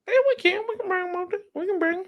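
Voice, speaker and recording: A man trading casual, teasing trash talk about football on a live stream, with bursts of loud outrage. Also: very high-pitched, fairly even intonation, racing, lo-fi sound. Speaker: rival fan guest. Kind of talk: casual sports debate.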